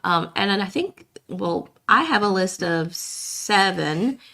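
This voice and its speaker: A hoarse woman, co-hosting a podcast in rambling casual chat with many fillers and restarts. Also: medium pitch, animated, slow pace, pushed and bright. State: hoarse, coughing. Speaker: podcast co-host.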